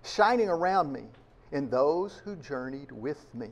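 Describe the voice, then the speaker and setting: A man's voice: a little high, expressive, a little slow, highs cut off, a little hiss or hum. A man preaching a sermon to his congregation, emphatic and full of rhetorical questions. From United States. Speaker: pastor.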